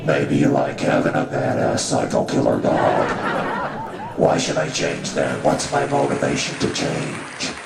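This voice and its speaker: A man's voice: rumbling low, vocal fry, exaggerated voice. A man doing stand-up as a crude, callous male god who mocks his worshippers. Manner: crude, mocking and swaggering. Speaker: stand-up comedian. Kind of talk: stand-up comedy in character. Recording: roomy live venue from far off, audience noise.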